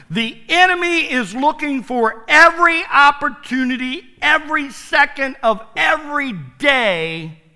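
High, bright-voiced preacher with wide swings. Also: male voice, big-room sound. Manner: dramatic swings from loud to hushed; playful asides to the congregation. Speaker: pastor. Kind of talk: sermon. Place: church sanctuary.

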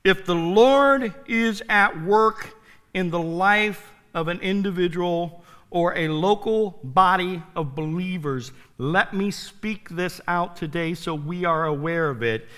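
A man preaching a sermon to his church, swinging from loud to hushed and turning playful in asides to the congregation. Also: high-pitched, slow pace, clear, resonant tone, big-room sound. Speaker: pastor. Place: church sanctuary.

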